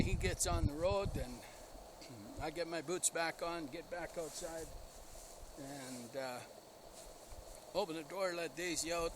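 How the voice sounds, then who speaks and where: A man's voice: fairly high pitch, background noise. Rambling man telling a dog story. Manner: rambling, enthusiastic, laughs at himself. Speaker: dog breeder. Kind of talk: casual storytelling vlog.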